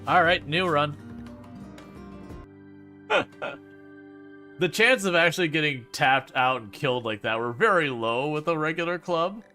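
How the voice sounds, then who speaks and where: Excitable man narrating his gameplay. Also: a little high, a little slow, long pauses, soft background music. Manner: excitable, reacts aloud to the game, laughs often. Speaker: gaming channel host. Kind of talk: casual gameplay commentary.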